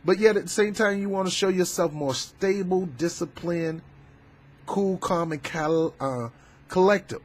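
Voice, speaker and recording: A man doing a casual political commentary vlog, talking in a fervent, preachy, colloquial way with loud emphatic outbursts. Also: sits high, a little slow. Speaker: YouTube commentator.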